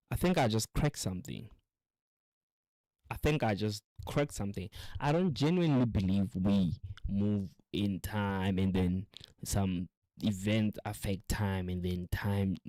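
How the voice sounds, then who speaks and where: Animated rambling profane male host. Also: on the low side, dry recording, poor audio. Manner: acts out quotes in animated voices. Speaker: show host. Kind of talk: casual monologue.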